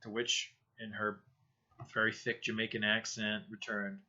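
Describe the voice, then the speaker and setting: A man hosting a casual solo podcast, his voice bright and forceful as he tells profane, sarcastic stories. He swings from loud outbursts to low mutters. The sound is dull and lo-fi. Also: flat delivery, moderate pace. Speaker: podcast host. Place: home room, low-quality setup.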